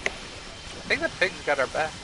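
A young man giving relaxed live co-op gameplay commentary and joking with friends. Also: fairly high pitch, measured pace, noisy background. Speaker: gamer.

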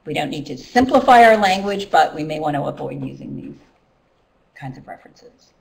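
Heard from afar in a workshop room, this middle-aged ESL teacher leads a training session casually, with plenty of ums and false starts. She speaks at a normal speed in a low-pitched, expressive voice with vocal fry, over slight background noise.

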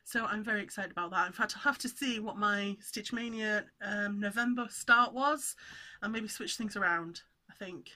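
Bright-voiced chatty woman vlogger. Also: mid-range voice, moderate pace. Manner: chatty, rambling, self-interrupting. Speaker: cross-stitch vlogger. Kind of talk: casual chat to camera.

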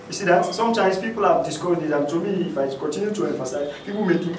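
A man giving a university lecture, emphatic and repetitive, swinging from loud stressed points down to low asides. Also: quick pace, hardly any pauses, echoey room, far from the mic, a little hiss or hum, poor audio.

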